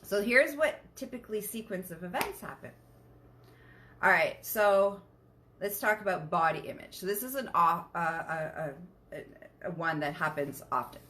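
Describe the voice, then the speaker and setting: A woman's voice: on the low side, lively intonation, moderate pace, sharp tone, a little hiss or hum. A woman hosting a podcast in a casual monologue, frank and emphatic, swearing freely and often checking in with her listeners. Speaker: podcast host.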